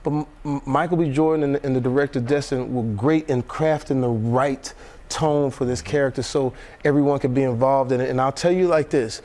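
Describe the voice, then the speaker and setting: A man from Texas, an actor guest on a morning TV show, telling animated stories with frequent laughs and restarts. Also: mid-range voice, fairly quick. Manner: animated storyteller, laughs often, many restarts. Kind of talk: casual chat on a morning TV show.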